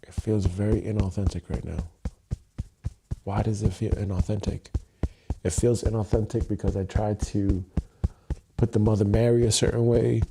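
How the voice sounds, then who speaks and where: A man hosting a tapping livestream who rehearses his intro over and over, swears casually and thinks aloud with long pauses while seated at his desk. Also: fairly low pitch, little pitch movement, vocal fry, noisy background. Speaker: livestream host, EFT tapping coach. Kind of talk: unscripted livestream self-talk. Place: seated at his home workstation.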